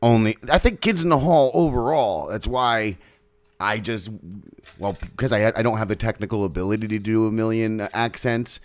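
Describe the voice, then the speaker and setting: A man co-hosting a casual podcast chat. He talks in an animated, profane way and keeps breaking into jokes. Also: lowish voice, no echo. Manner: animated, profane, quick to jump into silly voices. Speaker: podcast co-host.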